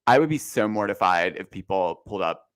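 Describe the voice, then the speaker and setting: A man's voice: deep voice, a little fast, clear, resonant tone. Chatty man guesting on a gossip podcast. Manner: chatty, rambling, expressive. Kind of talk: casual gossip chat.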